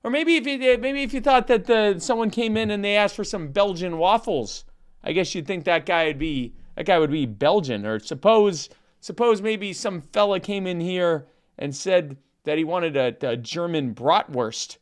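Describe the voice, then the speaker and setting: A man's voice: high voice, animated, moderate pace, smooth. A man co-hosting a podcast, telling a long stammering joke and reading an ad in a rambling comic way. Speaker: podcast co-host. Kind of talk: comedic bit and ad read.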